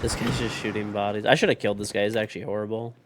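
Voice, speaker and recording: Guy streaming games, low-ish voice, blunt and cussing a lot. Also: steady tone, rapid-fire, very noisy. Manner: blunt, profane, joking. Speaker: game streamer. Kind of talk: casual live gaming commentary.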